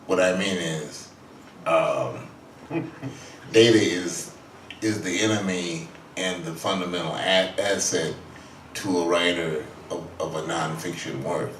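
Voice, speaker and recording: A man's voice: low-pitched, slow pace, slight background noise. A man speaking as an author and guest at a public talk, telling a story at a leisurely pace and acting out the quotes. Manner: leisurely, animated storyteller who acts out the quotes. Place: event hall. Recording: roomy hall audio from a distance.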